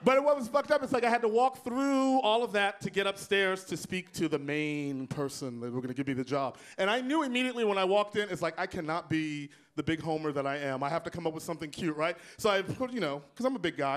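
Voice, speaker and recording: A man from Texas doing a stand-up set on a comedy club stage, sassy, loud and playful, with sudden whoops. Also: fairly high pitch, animated, a little fast.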